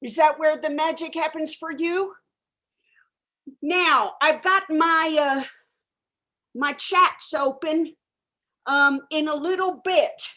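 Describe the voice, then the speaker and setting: A woman playing a dreamy high-voiced new-age guru. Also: slow, pauses often, pushed and bright, exaggerated voice. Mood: spacey. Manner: dreamy, rambling, self-absorbed. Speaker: improv performer. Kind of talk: improvised character comedy. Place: home bedroom.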